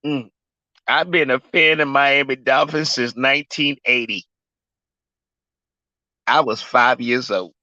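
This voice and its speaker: A fuming man in his forties rants about his team on a sports livestream, swearing with heavy emphasis. His voice is bright and forceful. The sound is dry and somewhat muffled. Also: mid-range voice, steady tone, slow, pauses often, no echo. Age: 40s. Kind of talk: ranting sports livestream chat.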